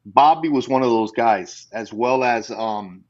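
A man's voice: medium pitch, measured pace. Chatty man telling old undercover stories. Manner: chatty, peppered with "you know", laughing asides. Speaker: former customs undercover agent. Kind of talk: casual storytelling interview. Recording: slightly dull lo-fi audio.

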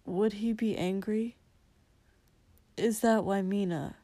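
A woman voicing a drunk young prince who mutters in a low, slurred voice. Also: fairly even intonation, takes it slowly, warm tone, dry recording. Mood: muttering. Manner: low muttering, some lines whispered. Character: young drunk male prince, quiet and stubborn.

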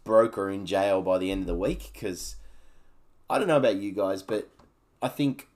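An Australian man in his thirties hosts his own podcast solo, talking in a rambling, candid way and swearing freely. His voice is deep and somewhat dark, and he speaks at a moderate pace.

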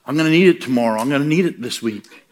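A man's voice: mid-range voice, lively intonation, fast, darkish tone, a little hiss or hum. A middle-aged man preaching a sermon, telling stories and acting out the voices he quotes, building to emphatic punchlines.

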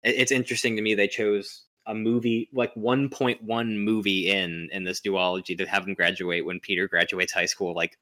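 A man's voice: on the low side, steady tone, moderate pace, hardly any pauses, bright, forceful tone. Chatty man recapping a movie. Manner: rambling, joking, many fillers. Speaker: podcast co-host. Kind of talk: casual movie recap chat.

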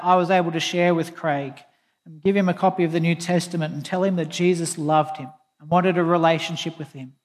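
Speaking earnestly in a high voice, a male pastor weaves quotes from scripture together with a simple personal anecdote. His words echo with long reverb, suggesting a big hall.

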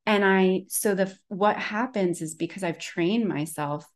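A woman's voice: mid-range voice, measured pace. A woman wellness practitioner talking casually and at length, rambling with lots of fillers as she tells a story. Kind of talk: casual conversation.

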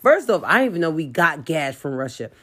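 A woman ranting in a profane, comedic way, with her voice jumping high and loud in heated outbursts. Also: very animated, a little fast, breathy edge. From New York.

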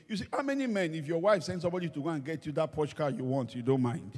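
A man's voice: on the high side, quick pace. A male pastor giving a humorous sermon, telling stories and acting out the people he quotes. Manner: animated storytelling, acts out quoted voices. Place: church hall. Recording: long reverb of a large hall.

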